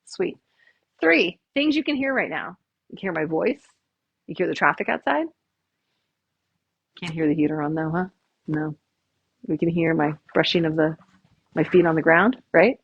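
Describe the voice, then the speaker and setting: A woman's voice: low voice, lively intonation, normal speed, creaky, long pauses, slightly rough, muffled recording. A woman chiropractor leading a live stress workshop, chatty and upbeat, counting the group through breathing. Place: small room with a live audience.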